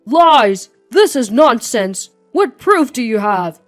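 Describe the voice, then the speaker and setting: A woman voicing a scheming, arrogant middle-aged male executive who shouts and mocks. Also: on the high side, normal speed, soft background music, close to an everyday voice. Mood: furious. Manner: shouting and mocking.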